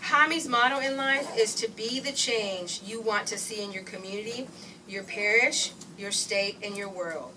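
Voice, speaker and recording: A woman presenting at a community event, reading a guest's introduction in a formal, measured way. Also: mid-range voice, noisy background. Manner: formal, measured list-like delivery. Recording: distant mic in a room.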